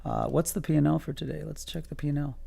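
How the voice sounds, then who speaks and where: A man's voice: a little high, quick pace, vocal fry, mellow, husky. A man streaming his day trading live, calling out levels to viewers in a casual, joking, self-amused way.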